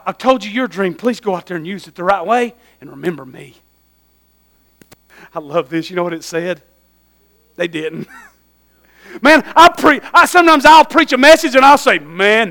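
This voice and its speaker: A man preaching a sermon, swinging from hushed asides to loud, fervent cries. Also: sits high, expressive, fairly quick.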